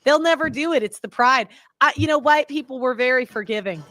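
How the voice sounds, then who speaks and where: Exasperated woman with a fairly high voice. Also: a little fast, bright, forceful tone. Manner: exasperated, defensive. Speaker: panel guest. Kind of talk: heated panel discussion.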